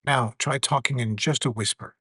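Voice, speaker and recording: A man teaching a lesson about AI tools with a live demo, measured and earnest. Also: mid-range voice, fairly even intonation, a bit bright, slightly rough, no echo. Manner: measured, earnest, some fillers.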